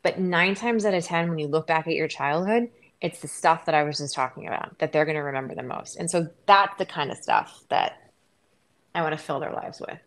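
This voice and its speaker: Low-voiced chatty woman guest. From Wisconsin. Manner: chatty, quick, many likes and restarts. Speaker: guest, sports anchor. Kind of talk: casual interview chat.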